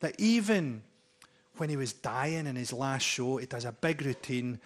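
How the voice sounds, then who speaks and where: A man in his forties performing a stand-up routine on a live stage, telling dark, profane jokes in a deadpan way. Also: medium pitch, unhurried. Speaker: stand-up comedian. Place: live comedy venue with audience laughter.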